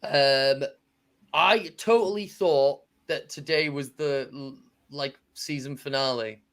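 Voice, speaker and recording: A man's voice: medium pitch, takes it slowly, a bit bright. A man co-hosting a podcast in casual chat, hesitant and full of restarts. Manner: hesitant, lots of restarts and fillers. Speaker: podcast co-host.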